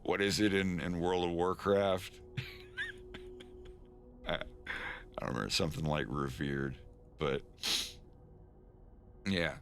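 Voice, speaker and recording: A man's voice: low-pitched, slow, long pauses, faint music behind. A man casually chatting on a live stream while he animates, rambling with stammered restarts and frequent chuckles. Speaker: animator streaming his work.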